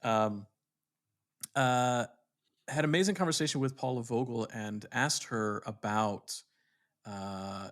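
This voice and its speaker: A theatre director co-hosts a casual podcast chat, reflecting as he talks and often restarting sentences while searching for words. His mid-range voice has a fairly bright tone and moves slowly, with long pauses.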